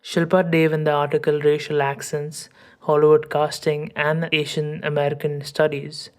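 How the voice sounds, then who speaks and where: A woman podcast host reading a scripted essay in a measured, academic way. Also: deep voice, monotone.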